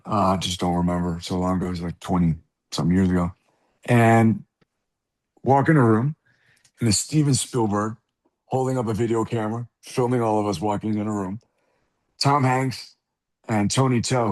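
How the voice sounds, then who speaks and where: A middle-aged man from the South Bronx telling an animated, profane story as an interview guest, acting out the people in it. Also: fairly low pitch. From South Bronx, New York. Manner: animated, profane, acts out voices in anecdotes. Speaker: guest actor.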